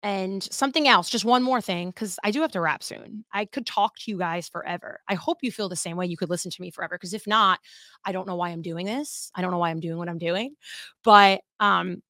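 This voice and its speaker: A woman hosting a wrestling podcast in a casual, chatty monologue, animated and swearing freely. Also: on the low side, a little fast, no room sound, studio quality.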